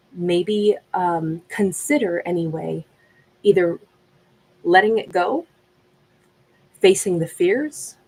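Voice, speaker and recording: A woman giving a gentle, reflective tarot reading in a conversational way. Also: medium pitch, slightly rough, poor audio. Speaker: tarot reader.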